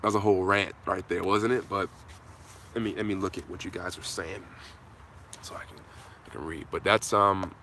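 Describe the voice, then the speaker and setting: Host, male, lowish bright voice, fervent motivational rant, faint background hum. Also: fairly even intonation, moderate pace, long pauses. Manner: impassioned, repetitive, casual "man" fillers. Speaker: channel host answering viewers. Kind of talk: live motivational Q&A.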